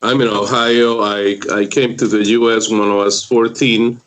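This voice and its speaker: Man, low voice. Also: level tone, normal speed, fairly bright tone, poor audio. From Mexico. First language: Spanish. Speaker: guest. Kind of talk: casual interview chat.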